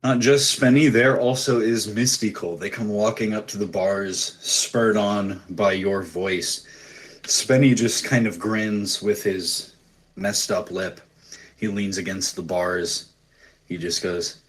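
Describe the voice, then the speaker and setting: A man's voice: fairly low pitch, steady tone, takes it slowly, rough recording. A man narrating a tabletop role-playing game as game master, describing scenes in a loose, storytelling way.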